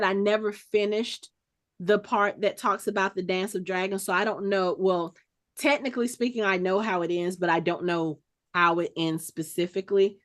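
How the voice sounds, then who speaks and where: A woman hosts a casual podcast chat in a medium-pitched voice. She speaks in a thoughtful, meandering way and often restarts sentences mid-thought. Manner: thoughtful, speculating out loud with many restarts. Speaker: podcast host.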